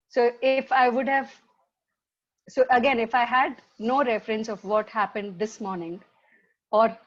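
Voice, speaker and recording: A woman facilitating a webinar, talking informally and rambling with lots of "like" and restarts. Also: mid-range voice. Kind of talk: informal motivational talk. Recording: dull lo-fi webinar audio.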